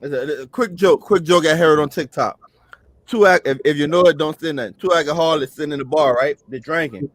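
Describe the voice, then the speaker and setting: A man in casual livestream chat, telling a joke in a quick storytelling way. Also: on the high side, dry recording.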